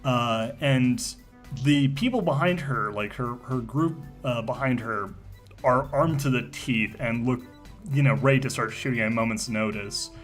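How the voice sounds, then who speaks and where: A male game master narrates a tabletop role-playing session at a middling pitch, stumbling through fillers and restarts as he builds the scene. Faint music plays in the background. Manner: halting, full of fillers and restarts.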